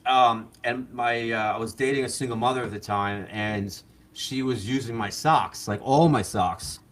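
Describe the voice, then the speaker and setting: A man's voice: mid-range voice, normal speed. A man guest on a live show telling a long story in a casual, rambling way, with many fillers and laughs, talking through a mask. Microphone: wearing a mask.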